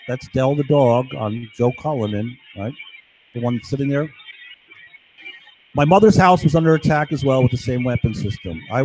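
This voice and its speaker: A man's voice: mid-range voice, darkish tone, slight background noise, poor audio. A man telling a long, agitated story on a live stream, swearing often and tagging his sentences with "right?". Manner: agitated, profane, keeps asking "right?". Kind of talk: rambling monologue.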